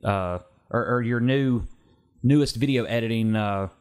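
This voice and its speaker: A man's voice: mid-range voice, a little slow, darkish tone. A man co-hosting a comedy podcast, bantering casually and playfully reading out script lines. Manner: playful, reads out script lines and acts them. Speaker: podcast co-host.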